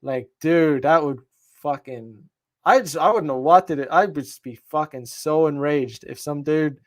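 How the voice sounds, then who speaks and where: A podcast host, a man, talking in a heated, profane casual monologue with lots of emphasis. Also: a little high.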